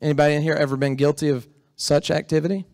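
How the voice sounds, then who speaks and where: A man preaches a sermon to his church congregation. He talks in a conversational way and often asks the room questions. His voice sits somewhat high for a man, and the sound is close and dry. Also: fairly even intonation, fast, a little mellow, no echo. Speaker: pastor. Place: church sanctuary.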